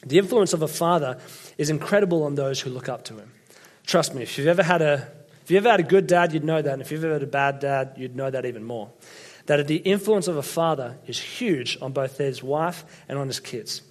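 A man's voice: a little high, fairly quick. A young man preaching a sermon in a chatty, joking way, often checking in with the congregation. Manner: conversational, jokey, often checks in with "right?" and "okay?". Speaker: pastor.

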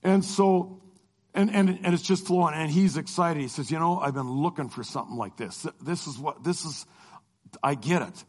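In this storytelling testimony, a middle-aged Christian lecturer shares a travel experience of his own, performing the dialogue in an animated way. He talks at normal speed with a fairly high pitch.

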